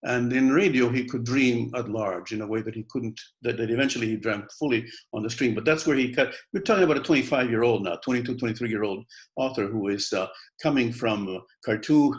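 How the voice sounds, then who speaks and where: A man presents an academic paper over a video call. He speaks with lively energy, but he keeps stumbling into fillers and restarts. His pitch sits in an ordinary middle range for a man. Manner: animated, halting with many fillers. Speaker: conference panelist. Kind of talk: academic conference talk.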